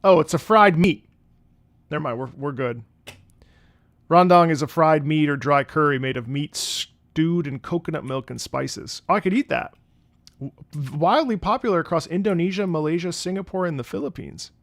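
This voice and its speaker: A young man on a casual livestream, rambling through anecdotes and breaking into loud laughter. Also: a little high, normal speed, no echo. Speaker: streamer reacting to game music. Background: game music playing.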